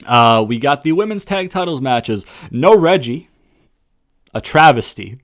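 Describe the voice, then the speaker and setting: A man's voice: mid-range voice, lively intonation, a little slow. Profane, heated young man ranting. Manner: profane, heated ranting with frequent "brother" and "right?". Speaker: wrestling reviewer. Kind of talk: casual ranting review.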